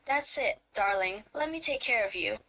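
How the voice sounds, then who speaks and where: Romance role-play read: woman as a commanding young lover, bright and high-pitched, soft teasing murmur. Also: expressive, normal speed, exaggerated voice, poor audio. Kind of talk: first-person romance role-play reading.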